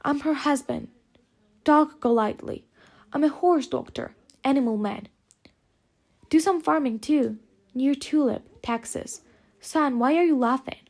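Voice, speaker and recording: A woman voicing a weary, hoarse country man in his fifties, who speaks slowly and plainly with a countrified drawl. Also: high voice, a little mellow.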